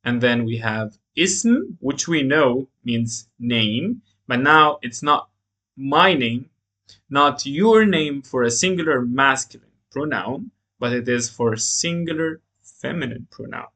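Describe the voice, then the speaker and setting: A man's voice: mid-range voice, expressive, measured pace, bright, forceful tone. A man teaching a beginners' language lesson, explaining grammar step by step and reading example phrases aloud. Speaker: Arabic teacher.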